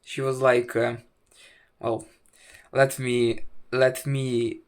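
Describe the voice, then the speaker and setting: A young man at an unhurried, halting pace. He keeps stopping on fillers and restarting his sentences, and he tells the story in a wry, self-mocking way. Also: mid-range voice, level tone. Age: 20s. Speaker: vlogger. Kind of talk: casual storytelling to camera.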